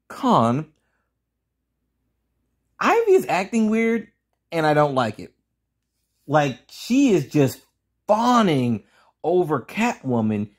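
A man's voice: a little high, big pitch swings, unhurried, long pauses. A man reviewing a cartoon episode in a casual pros-and-cons video, blunt, profane and ranting. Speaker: show reviewer.

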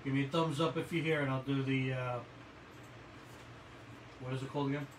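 Brief: easygoing joking male co-host, roomy echo, clear noise behind. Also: mid-range voice, fairly even intonation, brisk, far from the mic. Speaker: co-host of a live jewelry sales show. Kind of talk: live-stream sales chat. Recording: echoey room with audible noise.

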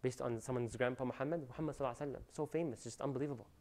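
A man giving an animated religious lecture, preaching with loud rising emphasis and Arabic phrases mixed in. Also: medium pitch, very fast. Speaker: Islamic lecturer.

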